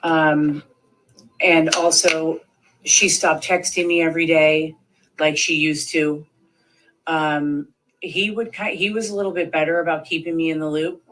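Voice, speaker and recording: A woman's voice: low-pitched, fairly even intonation, unhurried, fairly bright tone, low-quality recording. A woman in her thirties giving a rambling, filler-heavy account in an interview, acting out the voices of people she quotes. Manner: rambling, many fillers, acts out quoted speech. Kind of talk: recounting events in an interview.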